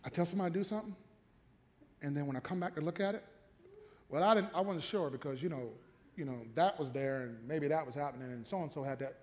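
A man pastor preaching an animated, emphatic sermon in a church sanctuary, mixing jokes and repetition. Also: on the high side, fast talker. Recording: long hall reverb.

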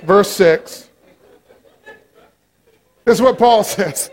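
A male pastor with a high-pitched voice delivers a lively sermon very slowly, pausing often. He swings between loud, excited exclamations and quiet asides, playfully joking with the congregation as he goes.

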